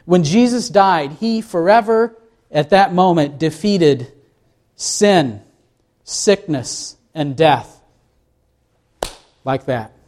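A man's voice: on the high side, expressive, slow, long pauses, a little mellow. A man preaching a sermon, reading scripture and asking the congregation questions as he explains it. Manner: asks the congregation questions, reads scripture aloud. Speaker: pastor.

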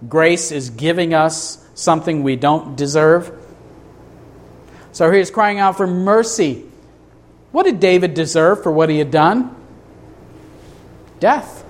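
A man's voice: fairly high pitch, slow pace, long pauses. A man preaching a sermon to a congregation in a church, emphatic, asking rhetorical questions. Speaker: pastor.

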